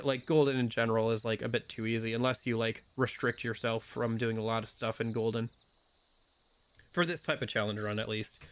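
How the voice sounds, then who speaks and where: A man's voice: medium pitch, a bit bright, slight background noise. A man streaming a video game, chatting casually with lots of fillers and wry asides. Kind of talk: casual gameplay commentary.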